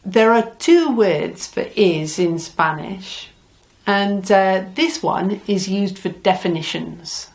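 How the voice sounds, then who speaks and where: A woman's voice: mid-range voice, slow. A middle-aged woman teaching a language lesson, patiently repeating words for learners. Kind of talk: slow, deliberate Spanish lesson.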